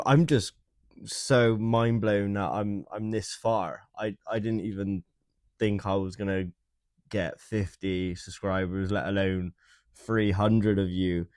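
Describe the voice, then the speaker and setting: A man hosting a livestream, chatting casually with viewers in a hesitant, soft-spoken way and often repeating his words. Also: fairly low pitch, slow pace, smooth, no room sound, studio quality. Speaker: livestream host. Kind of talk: casual chat with live viewers.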